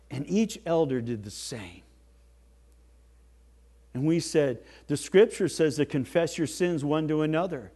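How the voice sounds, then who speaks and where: A man preaching a sermon as pastor, swinging from soft, slow lines to loud, emphatic ones. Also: fairly high pitch.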